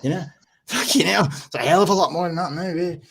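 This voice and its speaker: Husky Scottish man ranting on a livestream. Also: high voice, brisk, a bit bright. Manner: swears constantly, agitated and ranting. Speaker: livestream host. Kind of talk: casual live-stream chat. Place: home room.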